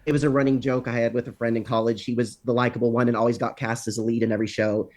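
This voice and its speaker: A young male filmmaker speaks fast and eagerly about his work, self-effacing and upbeat. His voice sits at a middle pitch for a man. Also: flat delivery, a little mellow. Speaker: filmmaker guest. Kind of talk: casual interview.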